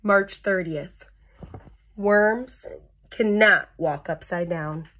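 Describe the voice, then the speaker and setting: A woman's voice: fairly low pitch, extremely slow, a bit bright. A woman reading a children's picture book aloud at storytime, adding playful sound effects and chatting to young listeners between pages.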